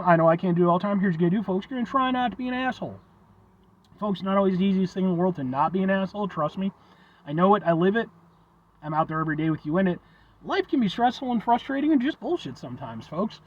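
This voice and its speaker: Young guy rambling about a drink, high voice that jumps around a lot, kinda dull lo-fi sound. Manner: rambling, folksy, swears casually. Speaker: food reviewer. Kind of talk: casual chat.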